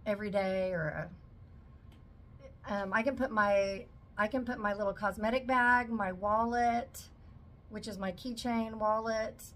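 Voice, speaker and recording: Gushing over every item, a vlogger in her forties chats casually at home while unpacking her shopping haul. Her medium-pitched voice sounds a bit bright.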